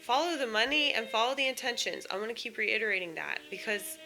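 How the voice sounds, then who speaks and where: A woman's voice: on the high side, fast talker, creaky, music in the background. A woman in a casual, blunt monologue, airing opinions and swearing freely.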